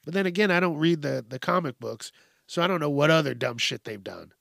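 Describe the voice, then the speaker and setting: A man's voice: fairly high pitch, lively intonation, a little fast, creaky, a bit bright, no echo, clean studio sound. A man hosting his own podcast, ranting in a blunt, profane, rambling way. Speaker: podcast host. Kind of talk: casual monologue.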